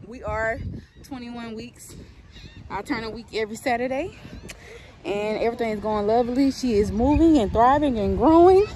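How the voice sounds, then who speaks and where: A woman's voice: a little high, normal speed, low-quality recording. A woman in her twenties, pregnant, chatting casually to her vlog camera at the beach. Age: 20s. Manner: relaxed, chatty, coaxing her toddler in a singsong. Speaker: vlogger, pregnant mother. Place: outdoors on a beach. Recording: loud beach noise behind.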